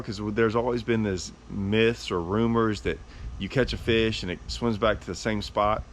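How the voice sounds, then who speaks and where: A man with a drawl spins a long, rambling yarn to his viewers, his voice sitting fairly low. He talks loosely and casually, as if from inside a vehicle, with a faint hum underneath. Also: fairly even intonation. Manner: rambling, drawn-out storyteller. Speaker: fishing vlogger. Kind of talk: casual storytelling to camera.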